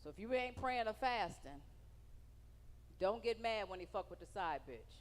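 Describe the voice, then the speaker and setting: Her mid-range voice animated and moderately paced, a woman delivers brash, profane stand-up on a big hall's stage, needling audience members. The live venue adds long hall reverb.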